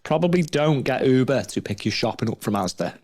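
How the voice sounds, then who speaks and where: A man's voice: mid-range voice, expressive, fairly quick, a little mellow. A man, a regular panelist, making wry, matter-of-fact asides in casual pub banter.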